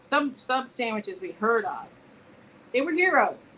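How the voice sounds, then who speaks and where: A woman co-hosting a casual live-stream chat, telling stories with lively quoted dialogue. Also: a little high, unhurried, slight background noise, poor audio. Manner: chatty, animated storytelling with quoted dialogue. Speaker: co-host. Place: home.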